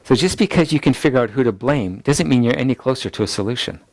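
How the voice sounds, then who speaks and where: A man teaching a ministry school lecture in a voice of ordinary pitch. He repeats his main points so they can be written down. The sound is dry and close, with no room echo. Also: animated, quick pace. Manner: acts out people's anxious inner voices in quotes; repeats key points for note-taking.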